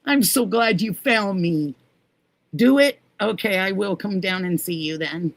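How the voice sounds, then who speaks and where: A woman's voice: medium pitch, a little slow, gravelly, no room sound. A middle-aged woman hosting a casual livestream, chatting fondly with viewers and greeting them by name. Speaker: livestream host. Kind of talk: casual livestream chat reading comments.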